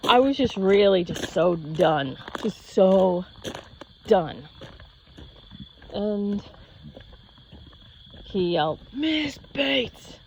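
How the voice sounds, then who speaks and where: A woman in her fifties telling a personal story in a casual, rambling way, acting out the voices of people she quotes. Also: medium pitch. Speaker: yoga channel host. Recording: slightly dull lo-fi audio with faint noise.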